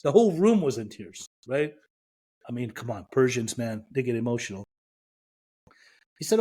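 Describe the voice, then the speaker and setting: A man's voice: mid-range voice, fairly quick, long pauses, mellow. Man from Iran telling an emotional story. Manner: emotional, vivid retelling with quoted dialogue. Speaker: podcast guest. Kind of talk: personal storytelling.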